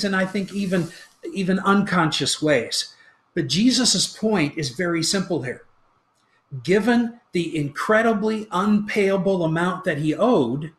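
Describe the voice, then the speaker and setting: Animated male pastor in an echoey room. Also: a little high. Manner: animated storytelling, acting out quoted lines. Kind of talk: sermon.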